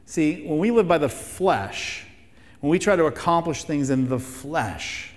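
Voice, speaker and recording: A pastor with a slightly high voice preaches to his church, pressing his points with rhetorical questions and phrases that he repeats. His sermon rings out with a long reverb, as in a large hall. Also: lively intonation, measured pace.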